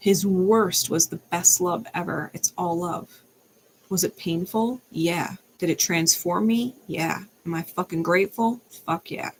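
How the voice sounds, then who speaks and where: A woman's voice: fairly low pitch, a little slow, slight background noise. A young adult woman, a tarot reader, ranting in a blunt, fired-up way and swearing freely. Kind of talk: unscripted ranting monologue.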